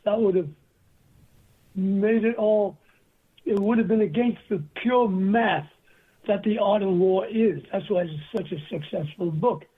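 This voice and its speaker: Older male guest, husky, anecdotal storyteller, phone-line sound. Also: high-pitched, unhurried. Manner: rambling anecdotal storyteller, acts out quoted voices. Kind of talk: storytelling interview.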